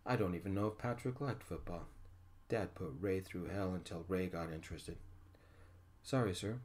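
Deep soft-spoken male storyteller. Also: moderate pace. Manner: soft, gentle. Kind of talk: soft-spoken ASMR narration.

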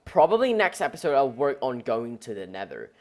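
A man giving casual, rambling let's-play commentary over a game, excitable and prone to yelling at the creatures on screen. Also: medium pitch, brisk. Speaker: gameplay commentator.

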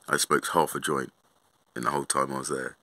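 A young man tells a story as an agitated, sweary rant. His voice is very low and gravelly, yet bright and forceful. The sound is close and dry, with bruv and mate dropped in all the time. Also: dry recording. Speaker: vlogger.

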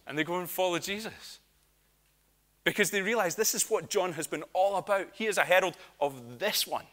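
Bright-voiced Scottish preacher. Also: male voice, high-pitched, normal speed. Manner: lively storytelling with humour and asides. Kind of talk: sermon.

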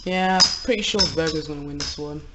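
A young man with a British accent, casually commentating on toy battles in a rambling, excitable way, laughing often, at home. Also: fairly high pitch, a little fast, very noisy. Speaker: Beyblade channel host. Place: home room, family upstairs.

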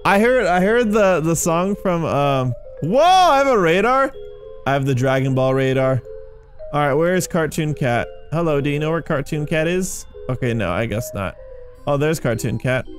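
Excitable man doing gameplay commentary. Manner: excitable, jumps into loud high yelps when startled; chatty, full of "dude" and "like". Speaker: gaming YouTuber.

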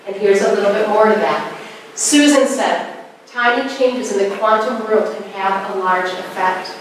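In a presentation hall with a very echoey sound and a far-off mic, a middle-aged woman presenter shares stories during a spiritual talk before a live audience and acts out the voices she quotes. Her mid-range voice moves a little slowly over slight background noise.

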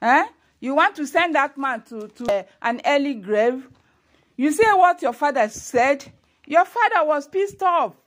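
A woman's voice: sits high, expressive, a little slow. A woman with a Nigerian accent, giving earnest, preachy commentary to the camera as a vlogger, often adding "you know" and "eh?".

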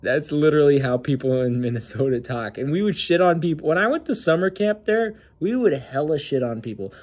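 A man's voice: a little high, lively intonation, a little fast, few pauses, a little mellow. Sneering, slangy male commentator. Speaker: host. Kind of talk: casual political commentary.

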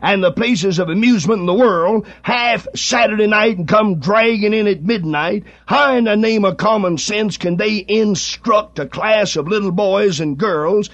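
A man's voice: high-pitched, moderate pace, hardly any pauses, fairly bright tone. A middle-aged man preaching a fiery radio sermon, full of rhetorical questions and rising fervor. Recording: dull lo-fi archival radio recording.

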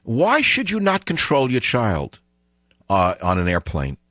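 A man's voice: mid-range voice, wildly swooping pitch, unhurried, a bit bright, no room sound. A man hosting a talk radio show, delivering a sarcastic, digressive rant in an opinionated monologue. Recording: dull dry studio broadcast sound.

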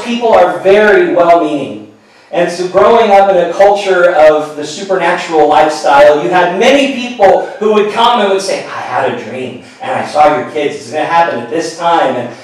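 A middle-aged pastor telling a personal story in a sermon, earnest and storytelling, often falling to a hushed voice. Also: male voice, sits high. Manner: earnest storytelling, drops to a hushed voice at tender moments. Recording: echoey hall, mic at a distance.

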